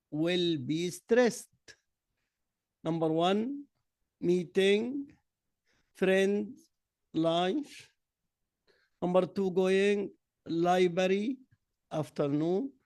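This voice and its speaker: High-voiced Egyptian teacher drilling slowly. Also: male voice, a little mellow, smooth, no room sound. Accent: Egyptian Arabic. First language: Arabic. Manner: slow, drilling answers word by word. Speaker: English teacher. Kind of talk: classroom lesson mixing Arabic and English.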